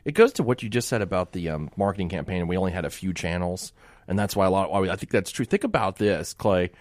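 A man from Miami appearing as a guest on a radio talk show, talking in a quick, agreeable conversational way. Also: low voice, expressive, no room sound. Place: radio studio.

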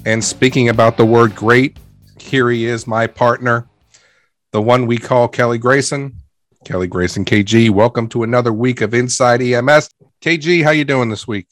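A man's voice: mid-range voice, normal speed, dry recording, clean studio sound, soft background music. A man co-hosting a podcast about emergency medical work, upbeat and emphatic, often repeating phrases for effect. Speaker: podcast co-host. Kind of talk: casual podcast talk.

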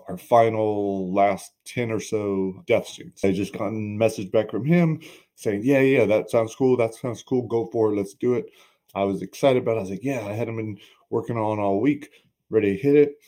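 Man, middle-aged, low pitch, dark mellow tone, candid reflective podcast talk. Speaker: podcast host. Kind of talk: personal solo podcast talk.

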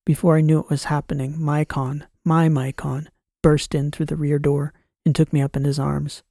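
A man narrating a science fiction audiobook in the first person, reading in a measured, dramatic way. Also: fairly high pitch, completely flat delivery, creaky, warm tone, no echo, clean studio sound.

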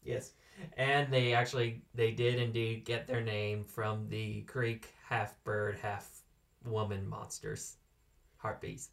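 A man's voice: fairly low pitch, flat delivery, slow pace, creaky, a bit bright, distant mic. A man from California co-hosting a casual podcast and sharing animal facts with dry humor, now and then correcting himself. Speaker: co-host.

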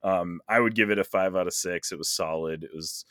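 A man's voice: low-pitched, a little fast, fairly bright tone, no echo, clean studio sound. A man co-hosting a podcast, chatting casually about a movie he reviewed, easygoing with frequent fillers. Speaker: podcast co-host.

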